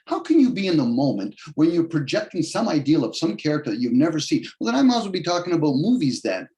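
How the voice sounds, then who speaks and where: Man holding forth on a video call, loose and argumentative, voice slightly raised in pitch. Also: very animated, fast, few pauses, warm tone. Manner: rambling, argumentative, shifts pitch often for emphasis and quoted voices. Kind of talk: casual rambling monologue on a video call.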